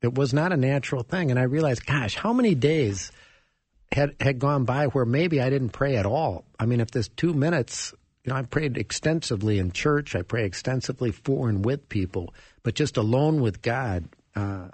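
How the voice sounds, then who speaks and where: A man, a guest author, telling an animated personal story in an interview and acting out the dialogue. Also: mid-range voice, normal speed, husky, no room sound.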